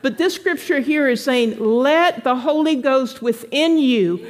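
A woman pastor preaching an animated sermon to a congregation, slipping into playful voices for quoted people. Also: sits high, a little slow, in a large hall. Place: church sanctuary with congregation.

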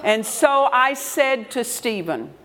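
A woman's voice: a little high, lively intonation, slow, a bit bright. An older woman pastor preaching a sermon with emphatic repetition, laughing as she tells stories. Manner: emphatic, repeats key words, laughs while telling stories. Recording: congregation responding in the room. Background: congregation calling out amens.

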